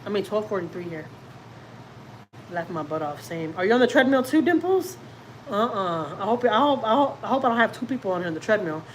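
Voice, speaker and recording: A woman's voice: medium pitch, very animated, fairly quick, a little hiss or hum, rough recording. A woman chatting casually with viewers on a livestream from home, rambling and teasing herself as she reads their comments. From Houston, Texas. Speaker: family vlogger hosting a livestream. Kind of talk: casual livestream chat, reading comments aloud.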